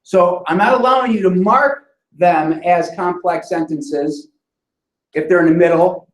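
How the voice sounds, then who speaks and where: A man's voice: high-pitched, a little slow. A man teaching a classroom lesson on grammar, explaining step by step and often checking in with the class. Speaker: instructor. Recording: roomy sound from a distant mic.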